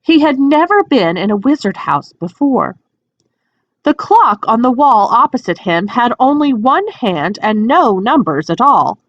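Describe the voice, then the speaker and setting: A woman narrating a storybook aloud in a fairly high voice that rises and falls with lively expression. The recording is dry, with no room sound, and slightly dull and lo-fi. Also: measured pace, no room sound. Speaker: audiobook reader.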